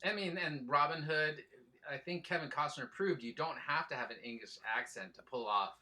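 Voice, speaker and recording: A man's voice: fairly high pitch, moderate pace, bright, forceful tone, low-quality recording. A man who is a guest on a podcast, chatting casually about a movie in brief, easygoing remarks.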